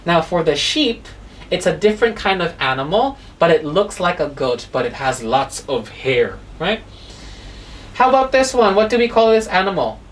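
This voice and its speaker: A woman's voice: fairly low pitch, big pitch swings, normal speed, distant mic, slight background noise. A woman teaching a children's phonics lesson, spelling out animal names letter by letter and asking the kids questions.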